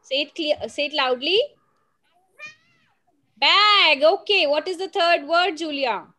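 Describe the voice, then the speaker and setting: A woman's voice: sits high, normal speed, fairly bright tone. A woman teaching young children phonics, sounding out words and telling a simple story in a patient, coaxing way. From India.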